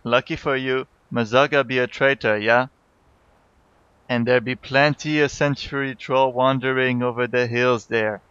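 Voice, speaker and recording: A man's voice: medium pitch, steady tone, measured pace, fairly bright tone, clear, resonant tone, no echo, dull audio, natural voice. A man voicing a scheming, boastful male troll blood-mage with a put-on troll accent and an emphatic lilt.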